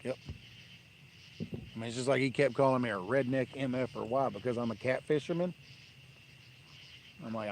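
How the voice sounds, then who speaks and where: A man's voice: mid-range voice, moderate pace, pauses often, slight background noise. A man hosting a fishing livestream, telling rambling, blunt stories in a dismissive tone from a riverbank at night. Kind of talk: casual live-stream rant.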